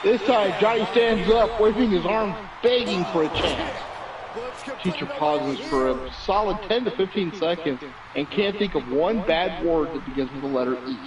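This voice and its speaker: A man with a fairly high voice tells a long joke in a chatty, playful manner. He calls in over the internet, sounding distant from his mic, with a loud arena crowd running underneath. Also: normal speed. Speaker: co-host telling a joke. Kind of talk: casual chat and joke telling. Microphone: remote internet call.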